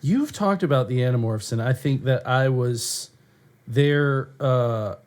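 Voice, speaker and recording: A man's voice: mid-range voice, a little slow, darkish tone. A man co-hosting a casual podcast, joking and asking questions in crude banter. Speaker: podcast co-host. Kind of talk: casual chat.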